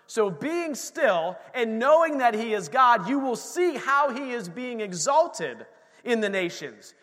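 A man preaching a sermon to his congregation in a church, animated and calling out to the room, acting out the voices he quotes. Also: high-pitched, long reverb tail. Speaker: pastor. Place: church sanctuary.

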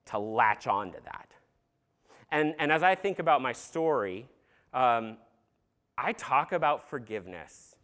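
A man's voice: mid-range voice, a bit bright. A man preaching an earnest sermon in a conversational way, with casual fillers and some humor. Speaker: pastor.

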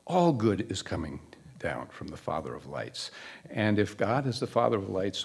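Male minister, low husky voice, chatty sermon with questions to the flock. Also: sing-song, normal speed. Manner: conversational, asks the congregation questions. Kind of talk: church sermon.

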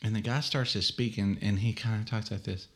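Joking low-voiced man. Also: steady tone. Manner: joking, quick interjections. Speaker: podcast co-host. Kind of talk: casual chat.

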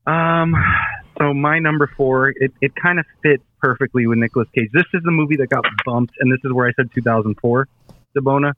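A man's voice: medium pitch, fairly quick, no room sound. A man chatting enthusiastically on a podcast, laughing as he talks. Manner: enthusiastic, laughs while talking. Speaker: podcast co-host. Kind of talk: casual chat. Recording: tinny phone-like line.

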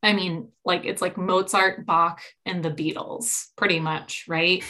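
Animated young woman with a bright voice. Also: a little slow. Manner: animated storyteller, acts out quotes with big jumps in pitch. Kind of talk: casual chat.

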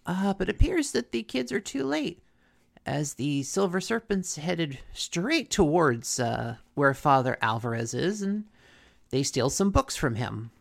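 On a podcast, a male co-host recaps a cartoon episode in casual conversation, speaking unhurriedly in a slightly high, creaky voice. He's animated and acts out quotes from the episode.

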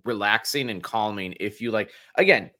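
A man co-hosting a casual podcast chat, talking haltingly with many restarts and some swearing. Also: lowish voice, pushed and bright. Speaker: podcast co-host.

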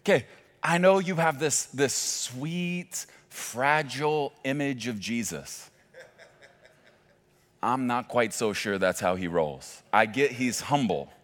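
A man's voice: mid-range voice, expressive, slow pace. A male pastor preaching a sermon with emphatic delivery and joking asides.

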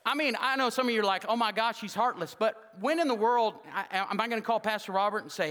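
A man's voice: high voice, quick pace, hardly any pauses, big-room sound. A man preaching a humorous sermon as pastor, joking and acting out quoted dialogue. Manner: jokey, animated, acts out quoted dialogue. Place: church sanctuary.

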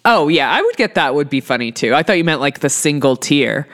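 Low-voiced woman podcast co-host. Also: big pitch swings, fairly quick. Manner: agreeable, casual, drawls with fillers. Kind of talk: casual chat about reality TV.

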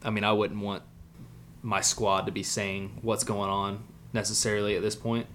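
A man's voice: lowish voice, flat delivery, a bit bright, slight background noise. A man co-hosting a casual podcast, recapping an anime episode in a blunt, joking way. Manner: joking, blunt, mimics characters in quick asides. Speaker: podcast co-host.

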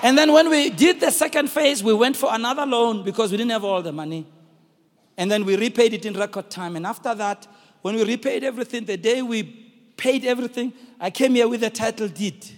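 A middle-aged man with a South African accent preaching a sermon, telling a story and calling out to the congregation in shouted, sung-out bursts. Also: very high-pitched, brisk, in a large hall. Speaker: pastor.

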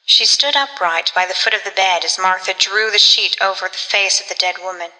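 A woman narrating a gothic story in a measured, dramatic reading. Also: mid-range voice, bright, forceful tone, in a large hall, poor audio. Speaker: audiobook narrator.

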